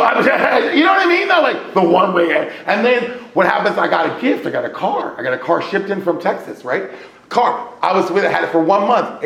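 Gravelly man telling his story, echoey room. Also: fairly high pitch. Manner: animated storyteller, swings from loud exclaiming to hushed murmur; keeps checking in with "right?". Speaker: speaker sharing at a recovery meeting. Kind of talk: personal testimony. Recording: echoey room with faint ambient noise.

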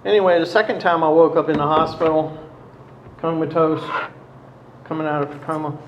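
A man telling his own story, slowly and haltingly, with many pauses. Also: a little high, fairly even intonation, echoey room, dull audio, noisy background. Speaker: storyteller recounting past addiction. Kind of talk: personal testimony.

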